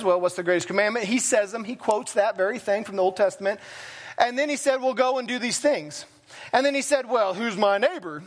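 A man preaching a sermon as pastor, talking plainly and conversationally with self-deprecating asides. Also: high-pitched. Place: church sanctuary.

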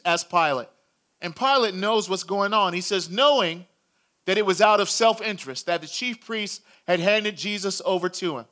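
A man giving a sermon, retelling a story dramatically with acted shouts and hushed passages. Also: sits high, normal speed. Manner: dramatic storytelling, acting out crowd shouts, dropping to a hush. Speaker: preacher.

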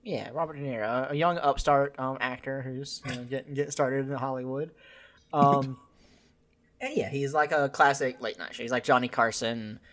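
A man's voice: medium pitch, normal speed. A man co-hosting a casual podcast, recapping a movie scene by scene, often laughing and acting out characters' lines. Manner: animated, laughs often, acts out quoted lines. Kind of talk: casual film recap chat.

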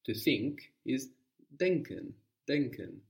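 A man teaching a guided language lesson, patiently prompting and repeating answers slowly. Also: mid-range voice, animated, far from the mic.

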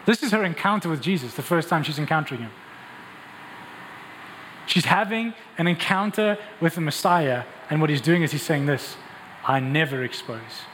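A man preaching a sermon, telling the story in an animated, emphatic way. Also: fairly high pitch, normal speed, big-room sound, slight background noise, low-quality recording. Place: church hall.

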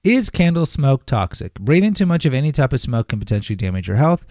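A man's voice: medium pitch, sing-song, fast, darkish tone, dry recording, clean studio sound. A man hosting a podcast, reading material aloud and breaking off into rambling, sarcastic asides. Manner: rambling, sarcastic asides, reads then riffs. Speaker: podcast host. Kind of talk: casual commentary on health topics.

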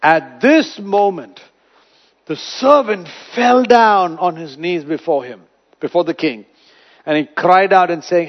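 A man preaching a sermon, retelling a parable with dramatic storytelling and wide swings in loudness. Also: high voice, slow pace. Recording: dull lo-fi recording.

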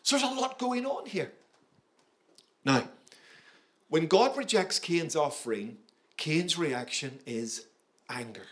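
Emphatic preacher, man, slightly high voice. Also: animated, slow, long pauses, fairly bright tone. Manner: emphatic, engaging, asks the audience questions. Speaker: pastor. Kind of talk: sermon.

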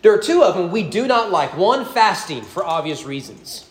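Man, pastor, animated sermon, very expressive pitch, jokes with the congregation. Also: normal speed. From United States. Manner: animated, conversational preaching with humor and rhetorical questions. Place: church sanctuary.

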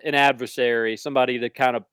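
A man's voice: medium pitch, fairly even intonation, fast talker, a bit bright, clear, resonant tone, no echo. A man hosting a sports talk show, giving opinions in a casual, conversational way. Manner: opinionated, conversational, reads ad copy. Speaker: sports radio host.

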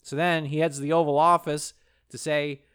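A man co-hosting a comedy podcast, recapping a story in a profane, animated way and slipping into silly character voices. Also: fairly high pitch, normal speed, clear, resonant tone. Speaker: podcast co-host.

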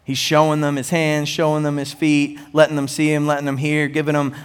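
A man preaching a sermon as pastor, animated with rising emphasis and conversational asides to the congregation. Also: a little high, brisk, clear, resonant tone.

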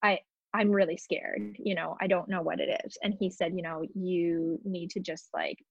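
A woman in her thirties, a podcast guest, telling a personal story in an emotional, halting way with many fillers and restarts. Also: on the low side, level tone, vocal fry, darkish tone, slightly rough, dry recording, lo-fi sound.

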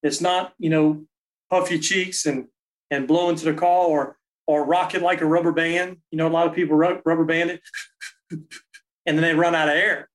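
Guest man, slightly high voice, practical and plainspoken, explains step by step. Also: little pitch movement, normal speed, poor audio. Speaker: guest, call maker. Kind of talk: casual technical explanation.

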